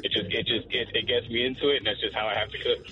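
A man's voice: mid-range voice, fairly even intonation, very fast. A man calling in to a radio show, laid-back and friendly. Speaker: caller. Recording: dull phone-line caller audio.

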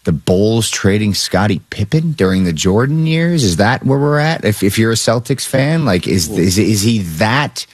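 Low-voiced man steering a sports chat. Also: lively intonation, normal speed, hardly any pauses, no room sound. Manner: steering, asks short prompting questions. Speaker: sports talk host.

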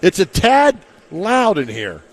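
A man's voice: high voice, huge pitch swings, takes it slowly. Friendly male sports radio host. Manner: friendly, encouraging. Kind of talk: casual sports radio chat. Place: broadcasting from a lounge.

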